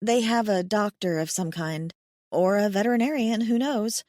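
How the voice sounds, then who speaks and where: A woman's voice: medium pitch, moderate pace, a little mellow, dry recording, studio quality, pitched above the performer's own voice, close to an everyday voice. A woman reading the part of a blunt, wry young farm-raised woman in an audiobook, frank and darkly joking. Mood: matter-of-fact. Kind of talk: audiobook character voice.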